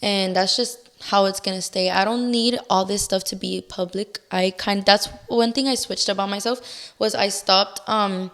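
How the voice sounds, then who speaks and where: A young woman speaking as a guest in a relaxed interview. Her voice sits in a middle pitch, and she tells things candidly and with animation, peppering her sentences with "like." She acts out her own past reactions as she goes. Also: normal speed. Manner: candid, animated storytelling with many "like"s and re-enacted outbursts. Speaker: podcast guest. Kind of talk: casual interview chat.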